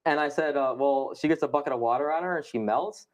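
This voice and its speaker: A young man, a podcast guest, telling a story in animated, fast casual conversation and swearing often. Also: on the high side.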